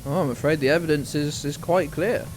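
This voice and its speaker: A man's voice: on the high side, a little fast, a little hiss or hum. A man hosting a live game stream, joking and exclaiming as he reacts to chat. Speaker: streamer host.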